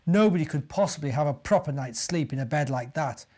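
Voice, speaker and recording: A man voicing a fussy, bossy young male rabbit in a children's storybook, with a high indignant voice. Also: expressive, fairly quick, mellow.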